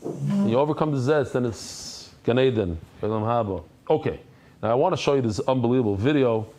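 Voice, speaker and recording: A man who is a rabbi giving a Talmud lecture, talking conversationally to his class and acting out anecdotes with lively energy. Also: medium pitch, a little fast. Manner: animated storyteller who acts out anecdotes; conversational, addresses the class directly.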